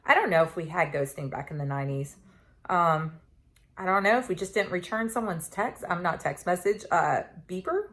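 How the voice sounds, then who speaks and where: A woman's voice: on the low side, normal speed, fairly bright tone. A woman, telling stories in a casual chat to camera, full of ums and asides. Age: 40s. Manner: chatty storytelling with many fillers. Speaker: vlogger.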